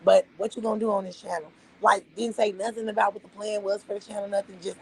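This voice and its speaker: A woman's voice: medium pitch, normal speed, a little mellow, a little hiss or hum, low-quality recording. A woman from Las Vegas with a vernacular accent, casually ranting to her livestream chat, profane and emphatic, rambling from point to point. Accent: Las Vegas, African American Vernacular English. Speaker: livestream host.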